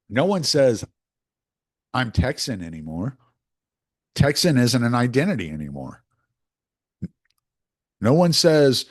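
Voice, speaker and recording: Animated man talking casually. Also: medium pitch. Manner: animated, rambling, with frequent restarts. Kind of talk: casual opinion monologue.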